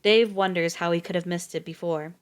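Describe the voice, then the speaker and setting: A woman reading a novel aloud on a live stream, steady with the odd slip and restart. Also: on the low side, a little fast, smooth.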